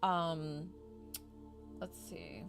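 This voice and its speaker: A woman's voice: sits low, very slow, soft background music. A woman from New York doing a chatty, effusive psychic reading on a live stream. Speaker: psychic medium.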